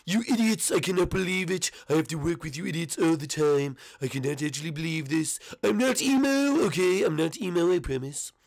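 A man's voice: on the high side, fairly quick, gravelly, few pauses, darkish tone, voice pushed up. A man voicing a snooty, exasperated turtle prince who berates everyone indignantly. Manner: indignant and bossy.

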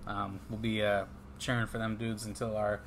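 A man's voice: fairly low pitch, little pitch movement, moderate pace, a little hiss or hum. A man from California, a podcast co-host, talking in casual chat in a slangy, emphatic way, often tossing in "man". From Stockton, California. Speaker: podcast co-host, MMA betting picks.

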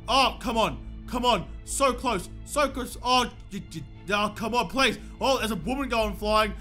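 A young man giving excitable gameplay commentary, swearing often and breaking into shouts when thrilled. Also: very high-pitched, a little slow, soft background music. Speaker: gaming video host.

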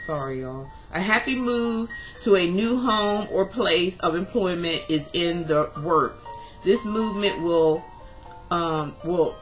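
A woman's voice: on the low side, fairly bright tone, muffled recording. Passionate rambling woman tarot reader. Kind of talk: tarot reading vlog.

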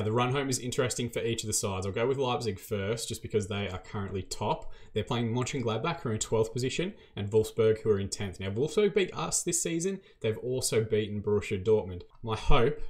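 A man's voice: lowish voice, darkish tone. A young man giving chatty, self-deprecating commentary over his gameplay. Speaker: gaming YouTuber.

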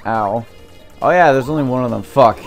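A young man commenting on a video game as he plays, ranting angrily about his family and swearing, his throat sore from yelling. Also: mid-range voice, normal speed, vocal fry, faint music behind. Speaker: let's play host. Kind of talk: gameplay commentary.

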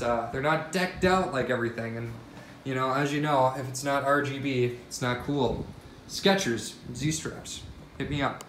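A man's voice: medium pitch, fairly bright tone, slight background noise. A young man vlogging casual news commentary, crude and sarcastic, swearing freely.

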